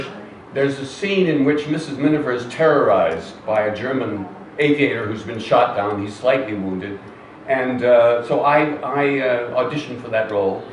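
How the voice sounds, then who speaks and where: An older man, an actor being interviewed on stage, telling anecdotes to a live audience in a chatty, self-deprecating way with fillers and restarts. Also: medium pitch. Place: cinema hall with live audience. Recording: roomy hall, distant mic, faint noise.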